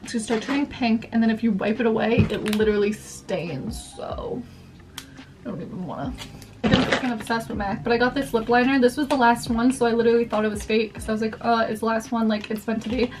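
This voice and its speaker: Her pitch fairly high, she talks fast as a young vlogger casually rambling through a haul, dropping "like" all over the place. She's chatty and sounds off-mic from a distant microphone, and faint background music plays.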